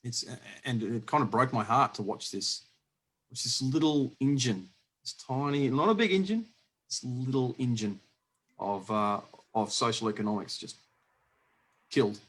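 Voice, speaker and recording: A man hosting a casual podcast chat, rambling with lots of restarts and quick laughs. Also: medium pitch, fairly bright tone, breathy edge. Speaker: podcast host. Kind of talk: casual conversational interview.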